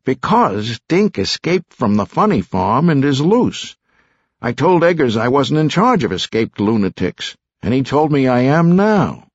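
A fretful young lawyer whines and protests in a raised, strained voice, as a man puts him on. The delivery is lively and insistent. The recording is dry and slightly muffled. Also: medium pitch, a little slow, no echo, voice pushed up. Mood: agitated whining. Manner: whining, agitated. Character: anxious whiny young male lawyer.

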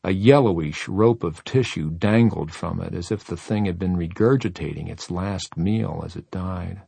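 Deep, gravelly male horror narrator. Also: moderate pace, dark tone, no room sound. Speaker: audiobook narrator.

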